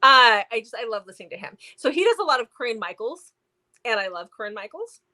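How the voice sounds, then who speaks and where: A woman's voice: fairly high pitch, big pitch swings, fast, sharp tone. A woman co-hosting a book review show, chatting casually and animatedly with lots of fillers. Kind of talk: casual chat.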